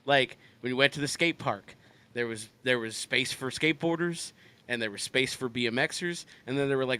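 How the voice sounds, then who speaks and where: A man's voice: mid-range voice, normal speed, sharp tone, clear, resonant tone. A man co-hosting a podcast, riffing with profanity and laughter in casual chat. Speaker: podcast co-host.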